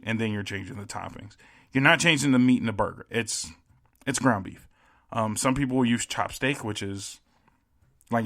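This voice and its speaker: A man's voice: lowish voice, a bit bright. A young man hosting a solo podcast, ranting casually and emphatically with plenty of swearing. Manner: profane, emphatic, ranting with laughs. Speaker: podcast host. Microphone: home podcast mic.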